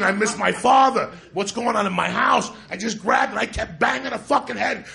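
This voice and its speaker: A high-voiced, gravelly man tells a wild story on a comedy club stage, swearing constantly and breaking into loud shouts. He comes from New Jersey. A live crowd laughs around him on the recording. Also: fast talker, few pauses, reverberant. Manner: profane, animated, shouting bursts. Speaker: stand-up comedian. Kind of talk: stand-up storytelling.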